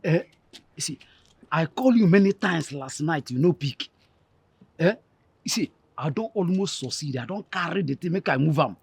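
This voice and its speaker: An actor with a Nigerian Pidgin accent playing an excitable young thief who rambles breathlessly. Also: male voice, fairly high pitch, fairly quick, long pauses, no room sound. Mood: excited. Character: excitable young male thief telling of a botched job.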